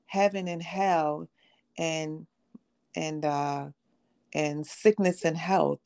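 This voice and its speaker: A woman with a low, gravelly voice recounts her own story on a podcast. She tells it conversationally and slips into the voices of the people she quotes. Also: fairly even intonation, slow pace, pauses often, a little mellow. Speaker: podcast guest. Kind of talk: personal testimony in conversation.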